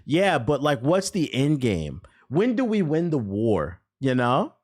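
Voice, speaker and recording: In an unhurried, mid-range voice, a man streams a casual, profane rant reacting to gaming news. He's animated and sarcastic, swearing heavily, cracking jokes, and laughing often.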